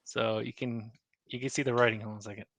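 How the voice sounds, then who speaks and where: A man's voice: mid-range voice, level tone, quick pace, a bit bright, dry recording. A man, a navy chief, chatting casually about challenge coins, rambling with many fillers and restarts. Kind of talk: casual show-and-tell chat.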